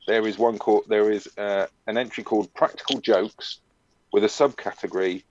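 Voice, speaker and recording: A man's voice: on the low side, fairly even intonation, normal speed, a little mellow, lo-fi sound, slight background noise. A man co-hosting a live comedy podcast, telling odd historical anecdotes with dry wit and a lot of hesitation. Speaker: podcast co-host. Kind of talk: casual comedic live-stream chat.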